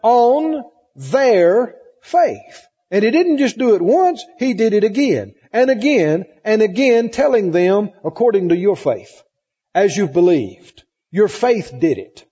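Emphatic high-voiced preacher in a reverberant hall. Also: male voice, sing-song, a little slow, warm tone, slightly rough. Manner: emphatic, repetitive, asks the congregation questions. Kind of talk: sermon. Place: church hall with congregation. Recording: muffled recording in a hall with long reverb.

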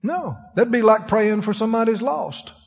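A husky, high-pitched preacher leads a sermon, putting questions to his listeners as he goes. His voice carries a long reverb through a church hall. The recording is dull and lo-fi. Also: normal speed, faint music behind. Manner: conversational preaching, asks the congregation questions. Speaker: pastor. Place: church sanctuary.

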